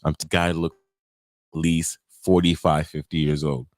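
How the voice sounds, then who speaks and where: A man co-hosting a podcast in casual chat, telling stories with lively acted-out quotes and loose swearing. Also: very deep voice, moderate pace, no echo. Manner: animated storytelling, acts out quoted voices, swears freely. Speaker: podcast co-host.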